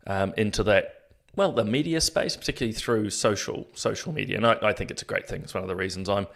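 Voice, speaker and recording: A middle-aged New man with a somewhat low voice hosts a casual commentary show. He rambles a little, backtracks and fills gaps with "uh" and "um", and pokes fun at himself as he goes. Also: a bit bright. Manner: rambling, self-deprecating, frequent fillers and restarts. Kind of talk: casual solo commentary to viewers.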